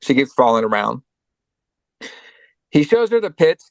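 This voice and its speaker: A man's voice: medium pitch, sing-song, measured pace, vocal fry, no room sound. A man co-hosting a podcast, casually recapping a movie in a rambling, profane way and acting out lines. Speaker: podcast co-host.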